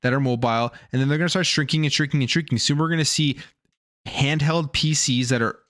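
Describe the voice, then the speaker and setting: A man's voice: a little high, fast talker, a bit bright, no room sound, studio quality. A man streaming gaming news commentary, rambling in a casual, opinionated way and often restarting or repeating his words.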